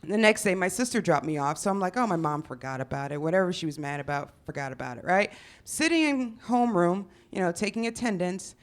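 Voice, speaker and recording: A young woman from Chicago telling a funny story on stage, profane and animated, acting out the people she quotes. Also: lowish voice, fast talker. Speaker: storyteller comedian. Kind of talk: live comedic storytelling.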